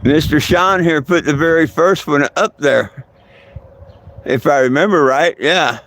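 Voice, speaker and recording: Male livestream host, gravelly voice, slow unhurried rambling, lots of fillers and chuckles. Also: fairly high pitch, fairly bright tone. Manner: loose and meandering, many fillers and restarts, chuckles often. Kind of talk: rambling casual livestream chat.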